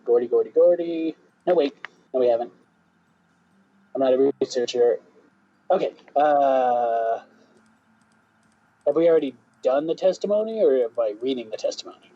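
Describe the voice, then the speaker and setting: A man's voice: mid-range voice, expressive, moderate pace, long pauses. Rambling man from Florida, muffled. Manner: rambling, joking, playful asides. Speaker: co-host. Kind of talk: casual gameplay chat.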